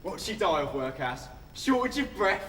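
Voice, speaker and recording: A man's voice: fairly high pitch, very animated, normal speed, a bit bright. An actor playing a cocky, taunting young male undertaker's apprentice on a theatre stage, in amateur stage musical style. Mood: mocking. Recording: echoey hall from far off, music.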